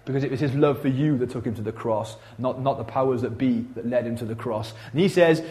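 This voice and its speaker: A man preaching a sermon in a church, conversational and animated, swinging from loud to hushed. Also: mid-range voice, fast talker. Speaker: pastor.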